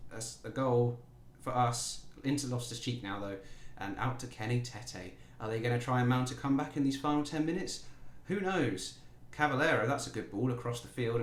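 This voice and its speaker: Jokey man commentating a game. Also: medium pitch. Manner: jokey, playful, talks to his players. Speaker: gaming YouTuber. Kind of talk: casual let's-play commentary. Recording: roomy echo.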